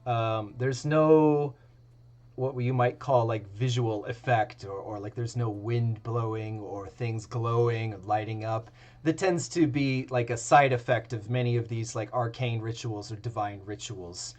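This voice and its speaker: A man's voice: medium pitch, steady tone, a little slow, darkish tone. A man narrating as game master of a tabletop game, rambling with many fillers.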